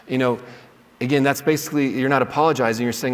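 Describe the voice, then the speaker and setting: A man's voice: mid-range voice, fairly even intonation, fast talker, smooth. Male teacher, mid-range voice, casual classroom delivery with frequent "right?" check-ins, long hall reverb. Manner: conversational, checks in with "right?", acts out sample apologies. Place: lecture hall.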